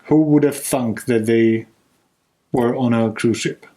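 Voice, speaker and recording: Casting: man, middle pitch, dry teasing co-host in casual chat. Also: steady tone, slow, warm tone. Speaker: co-host of a board game vlog.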